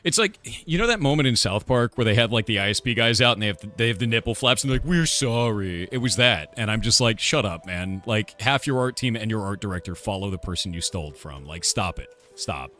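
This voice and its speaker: A man's voice: on the low side, lively intonation, quick pace, hardly any pauses, pushed and bright. A middle-aged man streaming live, ranting casually in an angry, profane and emphatic way. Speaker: streamer and game developer.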